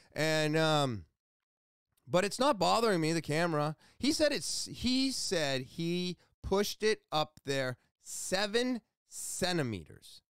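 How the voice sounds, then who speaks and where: A podcast host, a man, telling a story in a casual monologue, excitable and loud, rambling with restarts and asides. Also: a little high, clear, resonant tone, dry recording, clean studio sound. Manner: excitable, loud, almost yelling.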